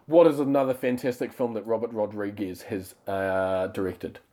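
A man improvising a silly film pitch in a comedy sketch, peppering it with "bloody" and "mate". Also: steady tone, normal speed, dark tone. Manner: puts on a broad Aussie-style slang voice with "bloody" and "mate".

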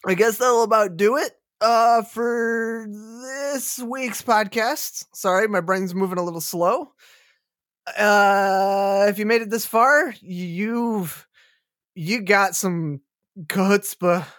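A man's voice: sits high, slow pace, a bit bright, dry recording, studio quality. A man hosting a podcast, laid-back and wry as he leads the segments and signs off. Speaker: podcast host. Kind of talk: casual podcast banter.

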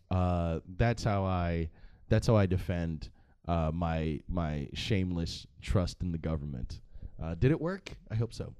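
A man's voice: low-pitched, warm tone, no echo. A man hosting a vlog, giving casual, joking commentary that rambles along with plenty of swearing. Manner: profane, joking and rambling with frequent laughs. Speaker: vlog host.

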